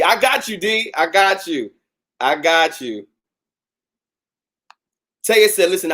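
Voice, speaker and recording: A man hosting a casual livestream chat, reading viewer comments and talking to them with slang. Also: a little high. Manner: animated, talks to viewers with slang. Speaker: host.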